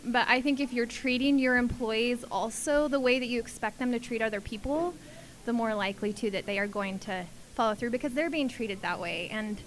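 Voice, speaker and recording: A woman's voice: fairly high pitch, fairly quick, a little hiss or hum. A woman in the audience sharing a spontaneous comment, thinking aloud hesitantly with many ums. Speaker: audience member.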